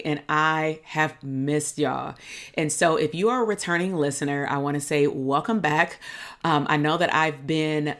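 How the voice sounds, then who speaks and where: Low-pitched woman in her thirties, a podcast host and coach giving upbeat, casual, encouraging talk. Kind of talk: motivational podcast monologue.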